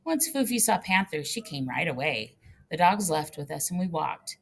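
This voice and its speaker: A woman narrating a first-person audiobook with lively storytelling. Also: deep voice, moderate pace, gravelly, breathy edge.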